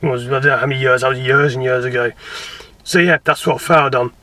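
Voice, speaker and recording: English bloke, driving instructor, mix of posh and Birmingham accent, bright voice, rambling and self-mocking. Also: male voice, mid-range voice, steady tone, fast, far from the mic. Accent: English, between posh southern and Birmingham. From England. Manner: rambling, chatty, self-deprecating, laughs often. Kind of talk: casual Q&A to camera.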